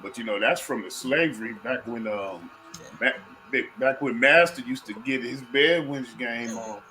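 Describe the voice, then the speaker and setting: A man co-hosting a casual podcast, relaxed and quick to laugh. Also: mid-range voice, low-quality recording. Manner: laid-back, laughing easily. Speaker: podcast co-host.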